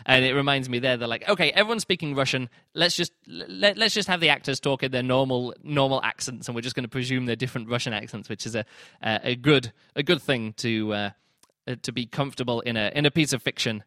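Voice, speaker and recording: A man's voice: medium pitch, fast talker, sharp tone, dry recording, studio quality. A man hosting a podcast, giving a casual spoken book review and acting out his own reactions in quoted asides. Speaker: podcast host reviewing books.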